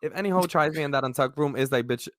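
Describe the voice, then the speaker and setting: A man's voice: on the high side, quick pace, no room sound, studio quality. A man co-hosting a podcast, talking brashly and boldly in casual banter. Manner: brash, loud, bold banter. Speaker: podcast co-host. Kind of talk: casual chat.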